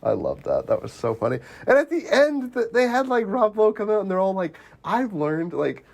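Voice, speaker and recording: A man co-hosting a casual movie chat, giggling often and acting out quotes in a high voice. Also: huge pitch swings, fairly quick, creaky, a little mellow. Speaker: podcast co-host.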